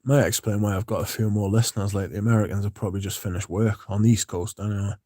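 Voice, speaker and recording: A man's voice: fairly low pitch, fast, dry recording, studio quality. Laid-back man chatting on a livestream. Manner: relaxed, rambling, chatty with fillers. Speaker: fragrance livestream host. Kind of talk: casual livestream chat, reading comments.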